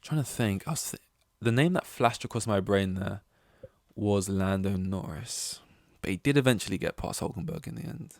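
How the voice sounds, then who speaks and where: A young man hosting a podcast alone, talking excitedly in casual commentary, swearing freely and acting out what others said. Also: on the low side, moderate pace, gravelly, no room sound, studio quality. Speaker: podcast host.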